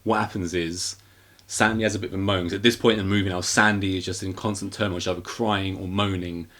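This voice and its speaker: Erkek podcast sunucusu, film özetliyor. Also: male voice, low-pitched, fast talker. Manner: rambling, animated retelling with acted quotes. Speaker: podcast co-host. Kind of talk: casual movie recap chat.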